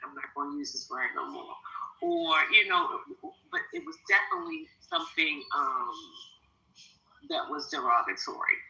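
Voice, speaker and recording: A woman's voice: sits low, wildly swooping pitch, moderate pace, creaky, pushed and bright. A woman guest in a heated podcast debate, insistent and explaining at length. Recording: roomy echo.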